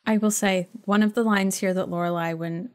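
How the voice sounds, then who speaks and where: A young woman co-hosts a casual podcast, chatting about a TV episode. She is animated and giggly and often quotes scenes in playful voices. Her voice sits at a middle pitch. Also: brisk. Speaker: podcast co-host. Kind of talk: casual chat recapping a TV episode.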